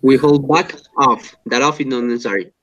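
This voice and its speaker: Halting male student on a muffled call. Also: medium pitch, fairly bright tone, dry recording. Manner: halting, clears throat often. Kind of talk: reading aloud in class. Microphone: video call.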